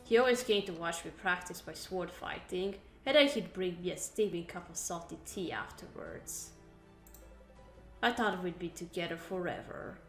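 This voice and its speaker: A mournful, jilted lover, as a woman reads the part. The voice is fairly low and wistful. Faint music sits under an echoey room sound. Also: animated, normal speed, fairly bright tone. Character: heartbroken jilted lover with a sword.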